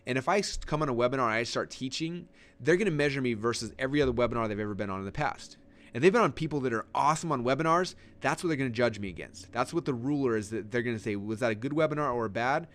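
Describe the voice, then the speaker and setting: A man teaching a webinar lesson in an energetic, emphatic, conversational way, leaning forward and gesturing as he talks. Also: medium pitch, racing. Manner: conversational with frequent fillers and restarts. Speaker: online marketing instructor.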